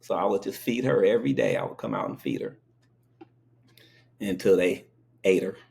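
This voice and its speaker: A male host with a gravelly voice chats casually with his guest. He tells stories in a lively swooping voice and acts out the people in them. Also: low-pitched, moderate pace. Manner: animated storyteller acting out quotes. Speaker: interview host. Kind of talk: casual chat.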